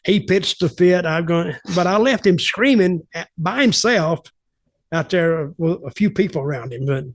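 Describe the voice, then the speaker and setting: A man's voice: high voice, normal speed, dry recording. An older man, telling wrestling stories on a podcast and acting out other people's lines. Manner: animated, acts out quotes of others. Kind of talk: casual storytelling.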